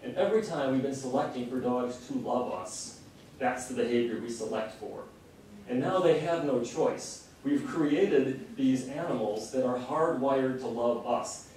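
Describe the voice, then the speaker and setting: A man's voice: mid-range voice, animated, normal speed, a little mellow, slight background noise. A middle-aged man giving an earnest, impassioned public lecture. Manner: earnest, impassioned, varying pace. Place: lecture hall. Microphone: distant room mic. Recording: very echoey hall recording from a distance.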